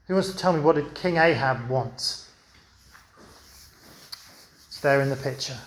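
High-voiced preacher in an echoey church. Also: male voice. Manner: storytelling, asks the audience questions. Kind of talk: children's talk in a sermon.

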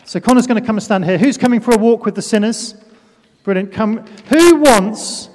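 A man's voice: high-pitched, normal speed, darkish tone, slight background noise. A man preaching a sermon with a children's demonstration in a church hall. He talks playfully, pokes fun at himself and calls up volunteers.

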